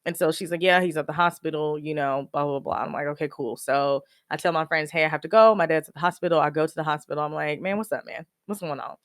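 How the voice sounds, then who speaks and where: A woman hosting a podcast alone, telling a personal story in a lively, slangy way and acting out the other people's lines herself. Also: sits low, fast talker, few pauses, dry recording, clean studio sound. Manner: animated, slangy, acts out quoted dialogue. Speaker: podcast host.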